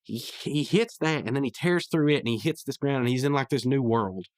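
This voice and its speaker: A man's voice: medium pitch, brisk, no room sound. A male podcast host rambling casually through a recap of a cartoon episode, with lots of restarts. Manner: rambling, with many restarts and fillers.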